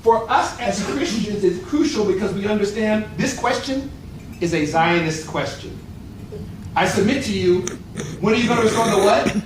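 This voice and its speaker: Animated preacher man in an echoey hall. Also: high-pitched, normal speed, slight background noise. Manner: animated, rhetorical call-and-response preaching. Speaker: pastor. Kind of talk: sermon at a luncheon. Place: event hall. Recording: echoey room, voice from far off.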